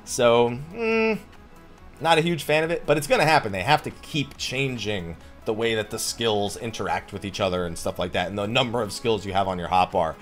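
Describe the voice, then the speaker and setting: A man's voice: fairly low pitch, moderate pace, fairly bright tone, soft background music. A man hosting a casual Q&A, reading viewer questions aloud and answering bluntly with jokes. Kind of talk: casual Q&A chat about a video game.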